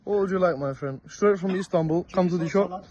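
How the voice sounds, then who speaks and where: A man's voice: high-pitched, brisk, muffled recording, crowd noise, pitched above the performer's own voice, lightly acted. A man voicing a friendly Turkish corner-shop owner in a put-on Turkish accent, using eager, salesy shop patter.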